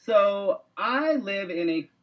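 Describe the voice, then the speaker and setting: Guy cohosting a web show, kinda high voice, swears a lot telling a story, muffled lo-fi stream audio. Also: slow. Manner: profane, animated storyteller. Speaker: co-host. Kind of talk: casual chat, storytelling.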